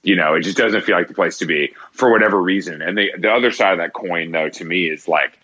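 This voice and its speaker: A man's voice: low voice, fast talker, bright, forceful tone, breathy edge, lo-fi sound. A young man co-hosting a podcast in casual chat, laid-back and slangy with lots of fillers. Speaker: podcast co-host.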